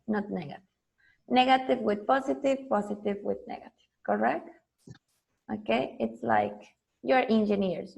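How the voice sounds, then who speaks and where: A woman's voice: fairly high pitch, vocal fry. A woman teaching an English lesson, explaining and drilling students with patient repetition. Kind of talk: online language lesson.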